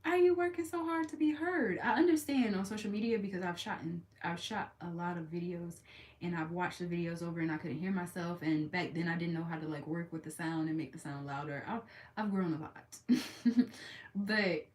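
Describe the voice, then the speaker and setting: A woman vlogging casually from her bed, chatty and expressive, moving between loud projected talk and a soft, calm low voice. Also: normal speed, roomy sound, far from the mic, low-quality recording. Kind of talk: casual chat to followers.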